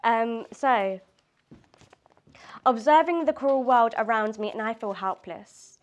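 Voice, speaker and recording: Woman poet, fairly high voice, laughs easily, chatty between poems, reads aloud at a live event. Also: lively intonation, takes it slowly, dull audio. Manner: laughs often, loose chat with fillers before reading. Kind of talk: poetry reading and casual chat. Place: community space at a live reading event.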